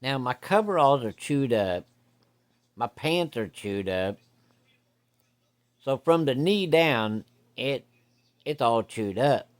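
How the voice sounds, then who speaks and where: A man's voice: medium pitch, lively intonation, slow pace, pauses often. A man telling a hunting story in a folksy, profane, vivid way. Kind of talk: casual spoken storytelling.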